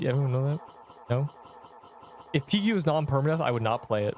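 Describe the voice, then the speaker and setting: A man's voice: mid-range voice, lively intonation, fast, a little mellow, a little hiss or hum. A man live-streaming a game, chatting playfully with viewers and joking at his own expense. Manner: playful and self-mocking, reacting to chat. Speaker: streamer playing an online game.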